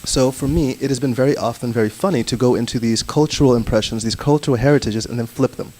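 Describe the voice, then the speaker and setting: A man speaking quickly as a panelist at a live seminar. He is animated and talks in a mid-range voice. He now and then acts out short voices to make his point. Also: mid-range voice, rough recording. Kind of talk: panel discussion.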